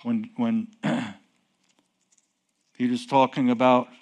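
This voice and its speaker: A man's voice: mid-range voice, fairly even intonation, slow pace. A man preaching a sermon, asking the listeners questions and repeating his key phrases.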